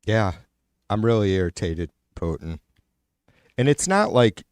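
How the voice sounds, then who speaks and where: A lowish-voiced man on a live stream, venting in casual, profane, sarcastic talk. He keeps trailing off and restarting as he argues with himself. The sound is close and dry, with no room echo. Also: big pitch swings, a little slow, pauses often, a little mellow, smooth. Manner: talks to a co-host, often trailing off and restarting.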